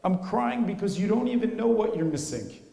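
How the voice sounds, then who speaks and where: A man's voice: fairly low pitch, a little slow, warm tone. A man voicing a grieving mother in a story, impassioned and building as she speaks. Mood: pained. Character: grieving mother, pleading with her son. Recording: reverberant hall.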